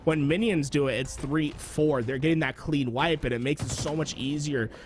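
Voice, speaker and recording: A man commentates a shooter tournament in an easy, talkative way, trading banter with his partner. Gunfire and clicks from the game crackle under his voice, and the line carries a steady hiss of noise. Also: a little high, moderate pace. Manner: relaxed, chatty banter with laughs. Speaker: esports color commentator. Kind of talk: live esports commentary. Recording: noisy broadcast with game gunfire behind.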